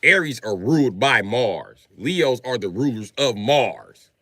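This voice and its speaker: A man doing a profane comedic rant on a livestream, jumping between loud shouted bits and low mumbled asides. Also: lively intonation, a little slow, no echo. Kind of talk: comedic rant with acted-out voices.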